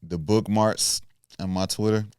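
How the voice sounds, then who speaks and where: Man, deep voice, smooth and clear, dry close sound, casual podcast talk. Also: unhurried, dry recording. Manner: animated, jumps high when riled up. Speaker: podcast host. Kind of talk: casual chat.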